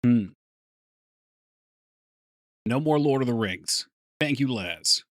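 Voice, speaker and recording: A man's voice: medium pitch, animated, slow, no echo, clean studio sound. A man chatting casually on a live stream while working on his game, thinking aloud and answering chat. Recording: faint music behind voice.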